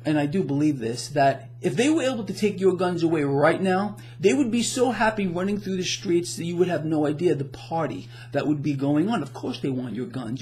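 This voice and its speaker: A man's voice: sits high, darkish tone. A man hosting financial commentary, ranting to the camera with emphatic sarcasm and rhetorical questions.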